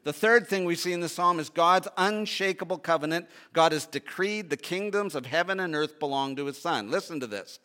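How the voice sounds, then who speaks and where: A male preacher with a bright, slightly high voice delivers a sermon. He reads scripture aloud and then drives his points home, rising to loud, emphatic peaks and dropping to low, hushed pleas. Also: a little fast, few pauses. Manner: reads scripture aloud, then expounds with repeated rhetorical questions.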